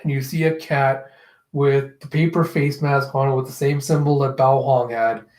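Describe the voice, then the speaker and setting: A man's voice: medium pitch, flat delivery, normal speed, darkish tone, roomy sound. A man casually reading through a comic chapter, acting out the characters' lines in a raised voice and laughing often. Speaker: manga reaction host. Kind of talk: casual manga reading and reaction.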